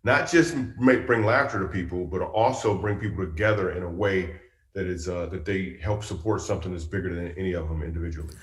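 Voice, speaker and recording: A middle-aged male comedian telling stories in an animated, chatty interview style. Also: low voice, a little fast, reverberant. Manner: animated, chatty storytelling with asides. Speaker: comedian guest. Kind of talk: storytelling interview.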